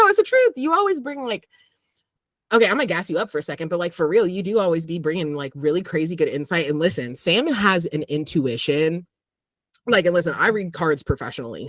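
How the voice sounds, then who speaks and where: A podcast co-host in casual chat, talking loosely with lots of fillers and frequent laughs. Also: male voice, a little high, fairly bright tone, dry recording.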